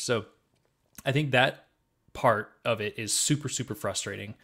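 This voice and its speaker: A man's voice: mid-range voice, measured pace, long pauses, a bit bright. Man ranting casually on a podcast. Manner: ranting, frequent swearing. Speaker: podcast co-host. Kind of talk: casual chat.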